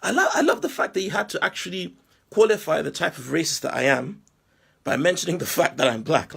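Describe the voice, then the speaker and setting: Heated British man, gravelly and high. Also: expressive, brisk, a bit bright. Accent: British English. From England. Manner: heated, rhetorical questions, repeats himself. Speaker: commentator responding to a critic. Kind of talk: impassioned monologue.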